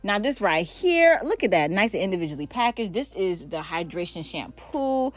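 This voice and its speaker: A woman's voice: mid-range voice, sing-song, moderate pace. A woman hosting a casual hair product review vlog, playful and exclamatory, who repeats words for emphasis. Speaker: hair vlogger.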